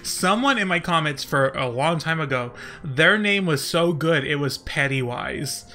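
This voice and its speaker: Giggly bright-voiced man rambling. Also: on the high side, animated, unhurried. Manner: giggly, self-deprecating, joking. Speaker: YouTuber reading live chat. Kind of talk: rambling live-stream chat.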